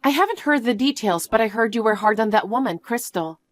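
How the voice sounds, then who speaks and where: A woman voicing a caring middle-aged mother who apologizes for her son, speaking softly and gently. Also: fairly high pitch, animated, brisk, no room sound, clean studio sound, natural voice.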